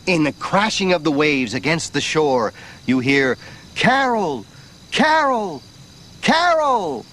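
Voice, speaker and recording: A man's voice: fairly high pitch, lively intonation, a little slow, a bit bright. An actor playing a man who leads a group and sets a scene in a theatrical way. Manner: theatrical, scene-setting narration.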